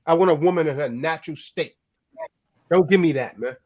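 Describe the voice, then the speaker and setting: A man's voice: fairly high pitch, brisk, darkish tone. A man hosting a casual chat, telling stories in an emphatic, blunt way with plenty of swearing. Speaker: host.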